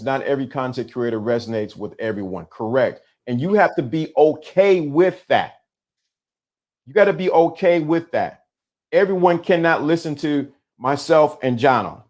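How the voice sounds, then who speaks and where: A man's voice: mid-range voice, moderate pace, a little mellow. A middle-aged man hosting a live-streamed talk, speaking with emphatic repetition and a preacher-like cadence. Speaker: host.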